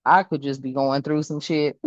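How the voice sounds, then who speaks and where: A woman's voice: sits low, fairly even intonation, normal speed, dry recording. A woman doing a tarot reading in a casual chat, laughing often and swearing freely in slangy speech. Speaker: tarot reader. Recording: dull, slightly lo-fi sound.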